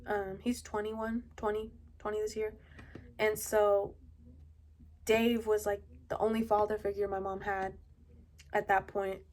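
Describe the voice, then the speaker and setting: A young adult woman at home tells a personal story in a halting, casual way, full of fillers. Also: medium pitch, flat delivery, a little mellow. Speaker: vlogger. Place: at home indoors.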